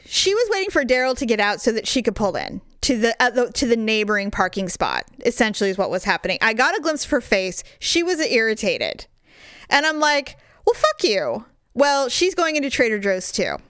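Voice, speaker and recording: A woman's voice: a little high, sing-song, a little fast, fairly bright tone, clean tone, dry recording, studio quality. A woman in her thirties, a stay-at-home mom co-hosting a casual chat podcast, blunt and profane as she tells stories and acts out quotes. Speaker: podcast co-host.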